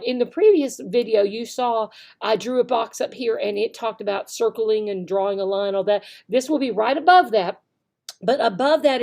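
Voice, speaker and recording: A woman's voice: a little high, vocal fry, a little mellow. A woman giving an instructional video lesson for online English teachers, checking in with "okay?" often and demonstrating words in varied voices.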